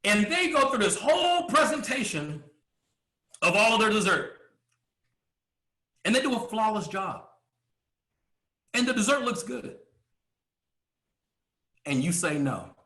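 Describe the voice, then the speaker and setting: A man delivering a motivational coaching talk in a high, bright voice that swings widely in pitch. He drives his points home with rhetorical questions and stops now and then to clear his throat. The room around him rings with echo. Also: big pitch swings, unhurried, long pauses. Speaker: business coach.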